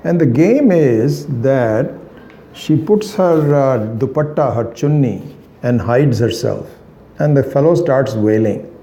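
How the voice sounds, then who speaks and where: A man giving a spiritual lecture, rambling and hesitant, weaving in anecdotes with many pauses and fillers. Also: medium pitch, animated, warm tone, echoey room, a little hiss or hum. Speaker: spiritual teacher.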